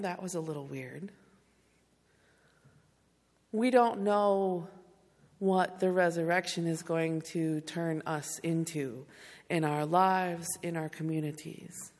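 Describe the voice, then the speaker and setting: A woman pastor delivers a sermon in a lowish, gravelly voice with a touch of vocal fry. She speaks tenderly and directly to her congregation. Her words ring out with a long reverb through a church hall.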